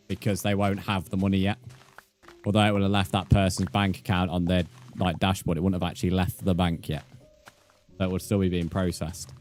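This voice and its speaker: Young man, low-pitched, blunt and sweary, live streaming chat, faint music behind. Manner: blunt, sweary banter with viewers. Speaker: game streamer.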